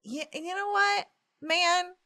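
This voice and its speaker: A woman's voice: very high-pitched, sharp tone, no echo, studio quality. A woman guest on a podcast, reacting playfully and joking in casual chat. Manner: quick laughing reactions, playful.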